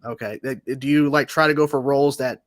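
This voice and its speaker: A man's voice: mid-range voice, fairly even intonation, fast talker, no echo, clean studio sound. A young man hosting a casual interview, asking questions with eager fan enthusiasm. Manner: eager fan, laughs often. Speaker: interview host.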